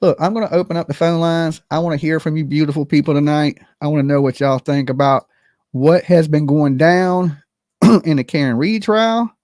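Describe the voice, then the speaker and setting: A livestream host giving animated, blunt and profane commentary, talking straight to the chat and opening call-in lines. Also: medium pitch, moderate pace, no echo, clean studio sound. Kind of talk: live-stream commentary with call-ins.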